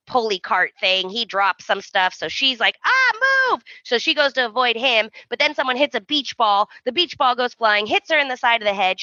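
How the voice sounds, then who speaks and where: A woman's voice: mid-range voice, sharp tone, no room sound, dull audio. A woman hosting a podcast, chatting casually and acting out characters' lines as she recaps. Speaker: podcast host.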